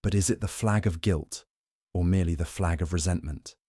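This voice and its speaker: In an audiobook mystery, a man voices a fussy old Belgian detective with soft, precisely courteous, courtly speech. His deep voice is close and rather quick with a breathy edge, and the recording is dry with no room sound or echo.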